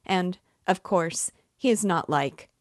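A woman's voice: deep voice, fairly even intonation, normal speed, a little mellow, dry recording, clean studio sound. A woman voicing a proud, bitter, impoverished widow who plays hostess, speaking in a haughty, indignant manner while reading a novel aloud. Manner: haughty and indignant, raising her voice.

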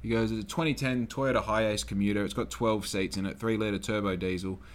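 Young australian man, fairly low voice, casual podcast storytelling, swears a lot. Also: brisk. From Western Australia. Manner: swears freely, acts out quoted people, gets loud when excited. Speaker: podcast host.

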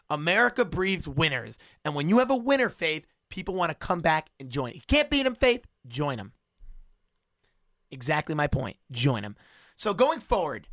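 A man with a high, bright, forceful voice hosts a sports debate, ranting and hammering his points with sarcasm. The sound is dry and close. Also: dry recording.

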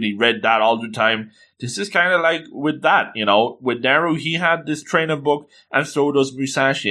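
Recapping a manga with real animation, this young man leaps into abrupt, high-pitched exclamations. Characters' lines get read out in brisk little asides, each quote given its own voice.

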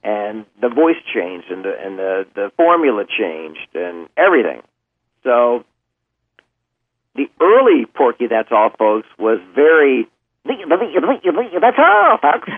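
A man, a voice actor, chatting casually as a podcast guest, telling stories in an animated, joking way. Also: on the low side, unhurried, dry recording. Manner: animated storyteller, joking and self-deprecating. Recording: tinny phone-like remote line.

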